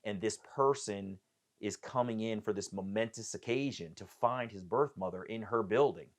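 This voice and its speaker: A middle-aged man, a podcast guest, telling a personal story in a lively way and acting out the voices of the people in it. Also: on the low side, normal speed. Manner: animated, acts out the voices of people in his story.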